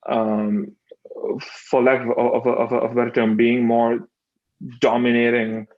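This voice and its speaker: A man's voice: mid-range voice, monotone, slow, darkish tone, dull audio. A man in his twenties joining a casual discussion on a video call, talking tentatively and searching for his words. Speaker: audience participant.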